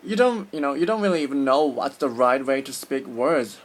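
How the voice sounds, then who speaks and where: A man's voice: mid-range voice, lively intonation, fairly quick. A man from Korea, a native Korean speaker with a Korean accent, vlogging his opinions in an earnest, casual way and often stopping to search for words.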